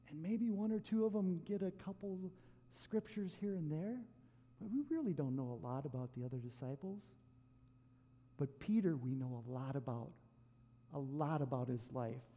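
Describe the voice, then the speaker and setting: A male preacher telling a story in a sermon, animated and acting out the quoted lines. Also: fairly high pitch, big-room sound. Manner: animated retelling with acted quotes.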